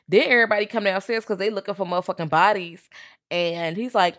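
A woman co-hosting a podcast, recapping a horror film in an animated, profane way. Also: medium pitch, fast talker. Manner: animated storytelling, lots of swearing and quoted voices. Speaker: podcast co-host. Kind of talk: casual profane movie recap.

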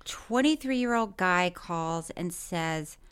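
A woman co-hosting a podcast in casual chat, animated and laughing often as she tells stories. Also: lowish voice, takes it slowly, clear, resonant tone. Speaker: podcast co-host.

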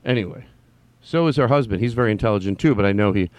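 Rambling without a script, this man talks about his own life with stammering restarts and blunt profanity, moving between quiet musing and loud, impassioned rants. He's a fast talker with a lowish voice, and there's no echo.

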